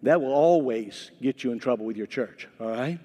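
A middle-aged man preaching a sermon as pastor, talking conversationally with many repeated words and bursts of animated emphasis. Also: medium pitch, moderate pace. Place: church. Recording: long hall reverb.

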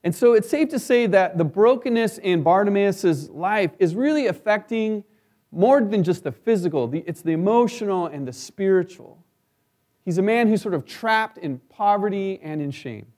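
High-voiced man preaching conversationally. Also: animated, moderate pace, darkish tone. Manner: conversational preaching with frequent "right?" asides. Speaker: pastor. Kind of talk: sermon.

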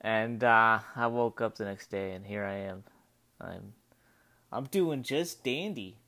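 A man's voice: fairly low pitch, slow pace, sharp tone. A man casually telling a spooky personal story in a rambling way, full of "like" and restarts. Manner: spooked, breathless retelling. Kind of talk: casual spoken story monologue.

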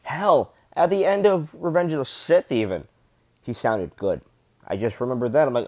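A man's voice: mid-range voice, big pitch swings, normal speed, a little mellow, no echo. A man rambling in casual, enthusiastic fan commentary, gushing and swearing freely.

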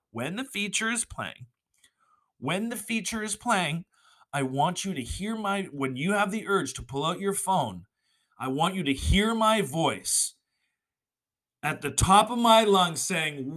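A young man hosting a solo podcast, ranting with swearing and sudden shouted bursts. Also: a little high. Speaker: podcast host.

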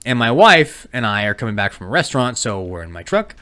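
A young adult man co-hosting a podcast, telling crude stories loudly and breaking into yelled impressions. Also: medium pitch, quick pace. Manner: loud, animated storytelling with yelled impressions. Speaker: podcast co-host. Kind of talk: casual crude chat.

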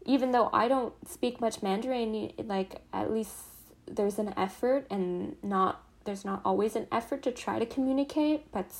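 A young woman hosting a casual conversation, expressive and gushing, with frequent "like" and "oh my God". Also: fairly high pitch, moderate pace. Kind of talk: casual chat.

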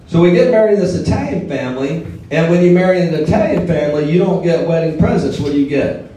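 A man's voice: fairly high pitch, normal speed, warm tone. Southern man telling stories in an echoey hall. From southern Alabama. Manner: storytelling, joking with the audience. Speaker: guest speaker. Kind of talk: motivational speech. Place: large hall before a live audience. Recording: echoey hall, mic heard from a distance.

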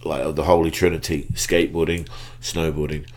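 A man, a podcast guest telling stories in relaxed slang that trails off and restarts. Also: rumbling low, fairly quick, slight background noise. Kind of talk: casual storytelling chat.

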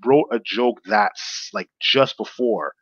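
A man's voice: medium pitch, slow pace, a bit bright, no echo, lo-fi sound. A man, a stand-up comedian guest, telling stories in a casual interview, rambling with fillers and restarts.

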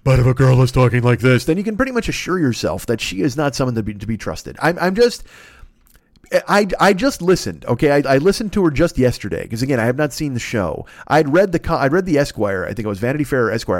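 Profane, animated male podcast host. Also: mid-range voice, quick pace, dry recording, clean studio sound. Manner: profane and rambling, laughs at his own jokes. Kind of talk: solo comedic rant.

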